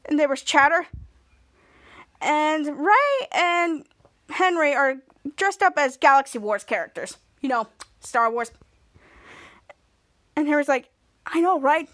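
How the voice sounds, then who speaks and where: A woman's voice: high voice, expressive, slow pace, long pauses, fairly bright tone, no room sound. A woman podcast host giving a casual, rambling recap of a show episode, stringing events together with "and then".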